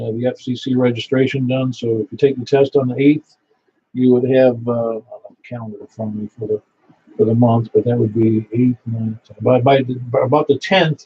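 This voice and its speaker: A man's voice: mid-range voice, mellow, breathy edge. Folksy man running a radio net. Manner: folksy, rambling, repeats details to confirm them. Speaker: net control operator for an amateur radio net. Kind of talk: casual radio net announcements. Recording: slightly dull sound with faint hiss.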